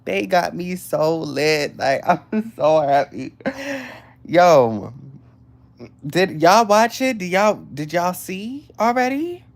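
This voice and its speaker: A young woman chats with her livestream viewers in a low voice. She talks slowly and loosely, getting worked up and laughing between greetings. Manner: excitable, laughing and chatting with viewers. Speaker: livestream host. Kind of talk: casual livestream chat.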